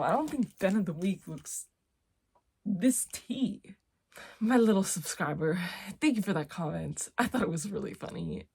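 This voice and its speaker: A young woman chatting casually in her vlog, playful and rambling, with sudden loud exclamations. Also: mid-range voice, vocal fry, slightly rough. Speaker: vlogger.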